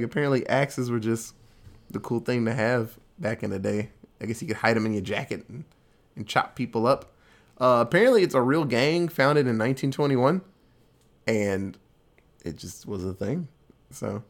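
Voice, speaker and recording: A man talking through a movie plot in an easygoing, offhand way. He tells it loosely, packs it with fillers and curses freely. His voice sits at an ordinary middle pitch for a man. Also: normal speed. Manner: loose, animated retelling with many fillers and swearing. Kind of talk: casual movie recap.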